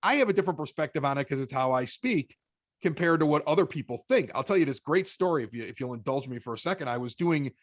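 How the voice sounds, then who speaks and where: A man with a Chicago accent tells stories as a podcast guest, animated and restarting his sentences. His voice sits a little high for a man. The recording is dry and close. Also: fast talker, no echo. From Chicago, United States. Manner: animated storyteller with stammered restarts. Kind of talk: casual storytelling chat.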